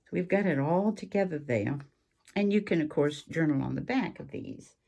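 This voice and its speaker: A woman hosting a relaxed craft show-and-tell, chatty and rambling, with frequent ums and asides. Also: deep voice, normal speed, gravelly. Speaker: craft channel host.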